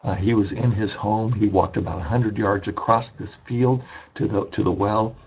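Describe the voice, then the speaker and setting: A man's voice: fairly low pitch, fairly even intonation, moderate pace, a little mellow, breathy edge, lo-fi sound. A man lecturing for an online business course, telling a personal story in a conversational way and acting out the dialogue. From Indiana, USA. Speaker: business ethics instructor.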